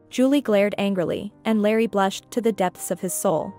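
A woman reading a scripted story aloud in an even, measured way. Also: mid-range voice, faint music behind.

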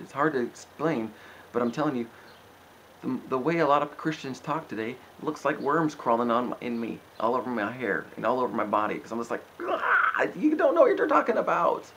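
A man at an ordinary middle pitch gives an informal, impassioned sermon. He gets worked up, pleads and exhorts, and his sentences restart and wander. A faint hiss runs under his voice. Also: fairly bright tone, rough recording. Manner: rambling with restarts and frequent "you know". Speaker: preacher answering questions.

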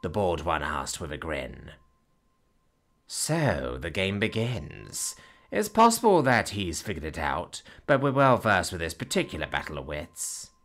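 Low-voiced man narrating a story. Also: a little slow. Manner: lively storytelling, voicing characters' lines.

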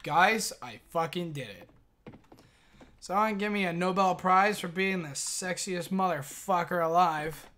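A young man streaming a game live, chatting excitedly, swearing and thanking his viewers. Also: sits high, a little slow, a little hiss or hum.

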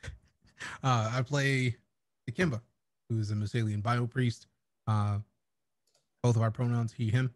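A man's voice: medium pitch, steady tone, unhurried, pauses often. A man introducing himself as a tabletop game player, shy, giggly and sweet to the others. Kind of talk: casual chat.

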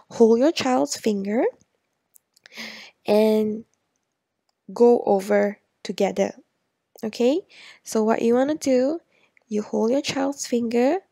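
Gravelly-voiced woman coaching parents. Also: a little high, mellow, no room sound, studio quality. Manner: clear and patient, with sing-song counting demonstrations. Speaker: parent educator. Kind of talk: instructional talk to parents.

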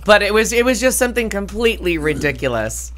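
A woman's voice: mid-range voice, very animated, fast talker. A woman co-hosting a podcast, telling stories in a rambling, swearing, casual chat. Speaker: podcast co-host.

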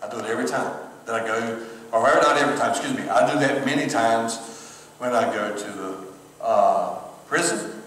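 A man's voice: medium pitch, normal speed, a bit bright, a little hiss or hum. A male pastor, giving a conversational sermon in a church and talking to viewers online. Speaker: pastor and former chaplain. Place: church sanctuary, streamed service. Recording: very echoey hall from far off.

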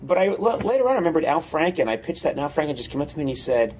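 A man's voice: a little high, lively intonation, rapid-fire, few pauses, slight background noise, poor audio. A man in casual talk, telling an old comedy story with many fillers and laughs, switching between voices as he goes.

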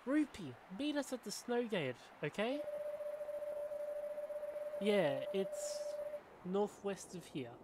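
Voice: mid-range voice, big pitch swings, slow, pauses often, very noisy, pitched above the performer's own voice. A gamer reading out a worried young companion's lines from a fantasy game, earnest and plain. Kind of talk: reading game dialogue aloud. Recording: game music playing behind. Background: game music.

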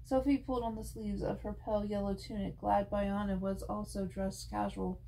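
A woman reading a novel aloud with a gravelly, creaky voice at a middle pitch. She tells the story in an unhurried, even way. A faint noise hangs under her reading. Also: rough recording. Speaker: audiobook reader.

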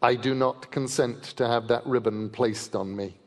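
A huge male wolf, proud and scornful, growls out his defiance and distrust, as a man reading a story puts him on. The voice sits at an ordinary middle pitch for a man. A large hall's long reverb trails after every word. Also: fairly even intonation, moderate pace, a little mellow, natural voice. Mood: suspicious.

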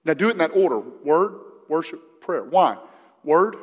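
Speaking in a sing-song voice on the high side at normal speed, a pastor addresses his congregation in a conversational sermon. He puts questions to the room, and the church sanctuary gives the audio a long hall reverb.

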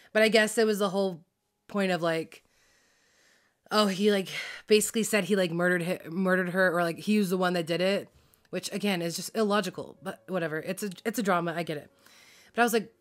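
At a moderate pace and in a mid-range voice, a drama reaction vlogger unloads about a TV drama. It's a casual, heated rant, constantly profane and filler-heavy, mixed with laughs, as she loses track of names in her frazzled state.

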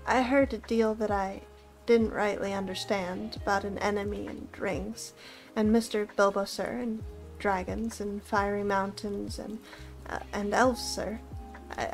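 A woman's voice: a little mellow, natural voice. Woman doing a timid rustic young gardener. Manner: high, pleading, rustic dropped g's. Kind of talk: storybook reading.

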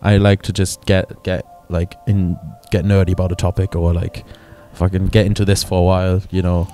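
A man's voice: deep voice, little pitch movement, moderate pace, mellow, faint music behind. A man in his twenties, a guest on a casual podcast, talking in a laid-back, sardonic way and swearing freely. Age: 20s. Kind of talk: casual chat.

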